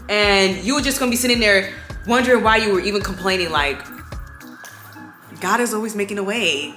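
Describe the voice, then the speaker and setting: A woman's voice: medium pitch, roomy sound. A woman, chatting casually and emphatically while doing her makeup at home at night. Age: 20s. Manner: animated, emphatic, preachy motivational. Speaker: beauty vlogger.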